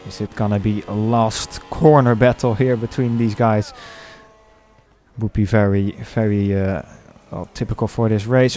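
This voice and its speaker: A man commentating a sim race, calling the action with many pauses and fillers. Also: lowish voice, fairly even intonation, dark tone. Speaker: lead commentator.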